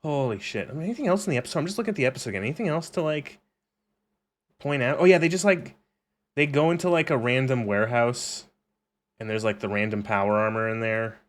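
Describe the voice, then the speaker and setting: A man's voice: medium pitch, fast. A young man on a gaming stream, rambling sarcastically with lots of swearing and laughter. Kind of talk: casual gaming stream commentary.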